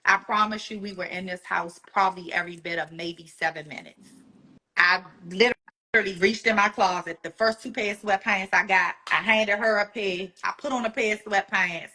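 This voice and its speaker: Speaking in a mid-range voice at normal speed, a woman guest shares an emotional personal story. She's animated, performing the voices of those she quotes.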